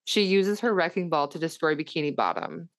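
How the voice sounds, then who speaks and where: A woman's voice: low-pitched, a little fast, dry recording. A young woman hosting a casual chat, reading fan fiction aloud and often laughing. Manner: animated, laughs often, slips into silly character voices. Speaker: podcast co-host.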